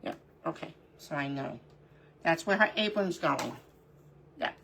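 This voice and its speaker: Over a noisy background, a middle-aged woman hosts a live crafting stream in a low, creaky voice, animated yet measured in pace. She chats casually, calls out viewers by name, and talks to herself as she works.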